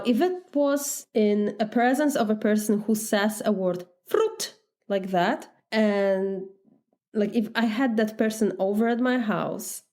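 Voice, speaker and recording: Polish accented woman, life coach podcast, earnest chatty monologue, middle pitch. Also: darkish tone. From Poland. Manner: earnest, conversational, sometimes laughing.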